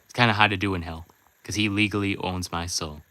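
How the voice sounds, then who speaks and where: A man doing a gruff, weary demon bartender. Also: sits low, fairly even intonation, a little fast, sharp tone.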